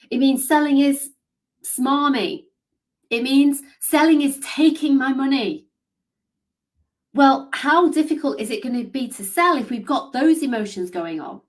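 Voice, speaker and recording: Lady coach, higher voice, upbeat and encouraging, live session. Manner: upbeat and encouraging, reads out comments. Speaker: business coach.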